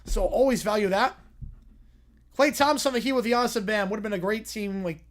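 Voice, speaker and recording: A young man hosting a casual livestream, answering viewer questions with quick reactions and frequent "yeah"s. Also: high-pitched. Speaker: livestream host reading chat.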